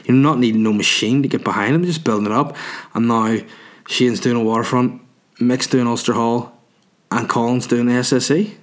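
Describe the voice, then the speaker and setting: Northern Irish male comic, solo chat, mid-pitched, loose and sweary. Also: fairly even intonation, moderate pace. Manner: rambling, sweary, full of "you know". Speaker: stand-up comedian and podcast host. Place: small room, alone.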